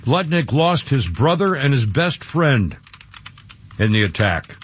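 A man's voice: medium pitch, very animated, slow, highs cut off, a little hiss or hum. A man hosting a talk radio show, emotional and rambling, often choked up and restarting his sentences.

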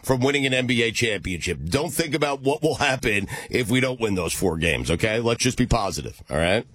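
A male sports-talk host with a husky, slightly raspy voice, upbeat and reassuring. He talks in an easy back-and-forth. The sound is dry and close, with no room echo. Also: mid-range voice, lively intonation, brisk, a bit bright. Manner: upbeat, reassuring, frequent laughter. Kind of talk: casual sports chat.

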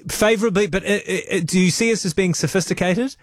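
A man's voice: high voice, fast talker, dry recording. A man with a New Zealand accent hosting a morning show interview, chatty and prone to restarting his sentences. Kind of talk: broadcast interview.

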